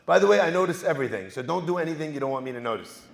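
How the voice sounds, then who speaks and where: A man, a rabbi, giving a humorous talk to a live audience, telling stories with lively asides. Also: a little high, racing, creaky. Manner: joking, storytelling, lively asides. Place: synagogue hall. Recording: echoey hall, live event.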